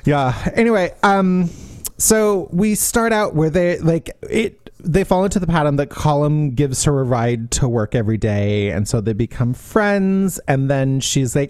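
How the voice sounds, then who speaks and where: A man co-hosting a podcast, chatting casually about books, animated and laughing as he acts out quotes. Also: medium pitch, measured pace, no echo, studio quality. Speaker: podcast co-host. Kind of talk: casual book discussion.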